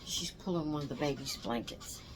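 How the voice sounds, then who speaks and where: A woman's voice: low voice, moderate pace, slight background noise. Tired older woman chatting casually. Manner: rambling, tired, yawning. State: exhausted. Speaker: doll channel host. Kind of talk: casual chat to camera.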